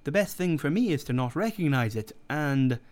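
A man's voice: fairly high pitch, lively intonation, normal speed, darkish tone, natural voice. A man voicing a cool, sneering young doctor in an audiobook reading, worldly and dismissive.

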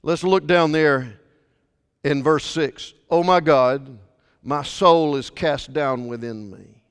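A man preaching a sermon, swinging from fervent, raised delivery to quiet asides while reading scripture. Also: a little high, slow pace, clear, resonant tone, in a large hall. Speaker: pastor.

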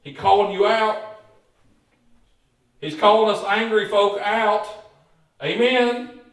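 Preacher guy, kinda high voice, booming echo like he's far off from the mic in a big church. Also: fairly even intonation, slow, fairly bright tone. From Kentucky. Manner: folksy, joking, repeats words, calls for amens. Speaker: pastor. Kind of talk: lively preaching sermon. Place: church sanctuary.

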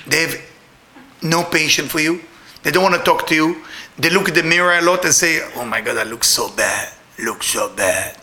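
A middle-aged man telling a personal story in broken English, animated and laughing often. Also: fairly high pitch, gravelly, reverberant.

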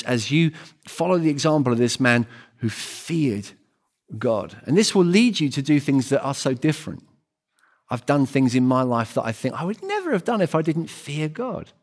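Earnest male preacher, emphatic repeats. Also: medium pitch. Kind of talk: sermon.

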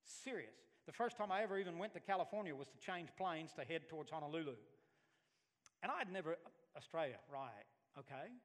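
Man, preacher, somewhat high voice, animated storytelling, long hall reverb. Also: brisk. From Alabama, US. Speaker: pastor. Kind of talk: sermon.

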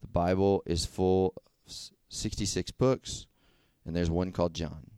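A man's voice: low voice, fairly even intonation, measured pace, gravelly, darkish tone, smooth, no room sound. Casual young man preaching. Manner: conversational, checks in with frequent "okay?". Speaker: youth speaker. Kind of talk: casual sermon.

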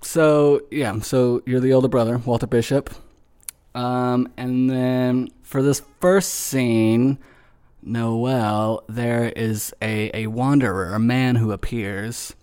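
A man hosts a casual chat among friends, his voice sitting at a middling pitch. He is relaxed and quick to laugh, with frequent ums while he explains things. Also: clean tone. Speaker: writer and host of the show.

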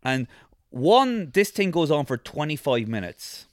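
A man's voice: a little high, big pitch swings, measured pace, no room sound, clean studio sound. A man co-hosting a podcast, reviewing a film in a casual chat with a rambling, jokey delivery full of fillers. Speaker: podcast co-host.

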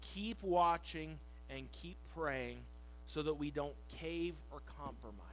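Male pastor, middle-aged, animated sermon delivery, slightly high voice, faint hum. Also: poor audio. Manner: animated preaching, leaning on key words and slowing on scripture.

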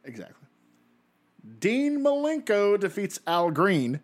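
Chatty man with a slightly high voice. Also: slow. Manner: animated storyteller, laughs often, acts out quotes. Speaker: podcast co-host recapping wrestling shows. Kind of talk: casual chat.

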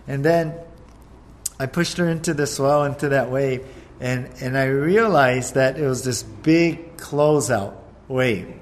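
A man preaching a sermon, telling the story with energy and acting out the disciples' frantic shouts. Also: medium pitch, slight background noise. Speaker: pastor.

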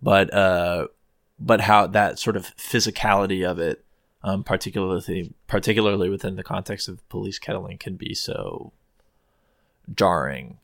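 A man hosts a podcast, thinking out loud in a rambling, hesitant flow full of ums and restarts. His voice sits fairly low. The sound is close and dry. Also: normal speed, creaky, dry recording. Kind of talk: casual chat.

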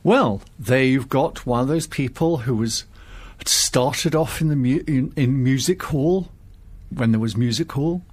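A man's voice: medium pitch, unhurried. A man taking part as a guest in a conversational film discussion, talking articulately with wry opinions. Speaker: guest commentator.

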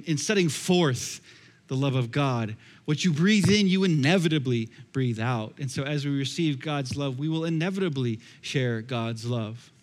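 In a church sanctuary full of long, echoing reverb, a pastor with a high-sitting voice preaches a sermon. He speaks conversationally and leans on repeated phrases.

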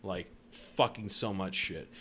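A young man co-hosting a podcast, telling profane stories in casual chat and shouting out the lines he quotes. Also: deep voice, measured pace, slight background noise. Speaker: podcast co-host.

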